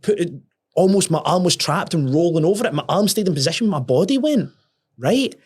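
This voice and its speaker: A young man, a podcast guest telling a story in casual talk, sweary and animated, often restarting his words. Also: sits high, a little fast, slightly rough.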